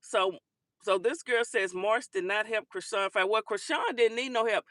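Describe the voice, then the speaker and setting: A woman's voice: mid-range voice, moderate pace, a bit bright, no room sound, clean studio sound. A woman hosting a casual talk show, chatting and giving sassy commentary on viral clips, calling listeners honey and baby.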